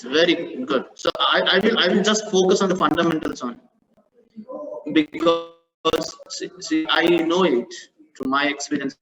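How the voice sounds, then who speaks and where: A man's voice: medium pitch, fairly bright tone. A man teaches maths in a live online class. He repeats his phrases, corrects himself as he goes and praises his students. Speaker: maths tutor. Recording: dull lo-fi online call audio.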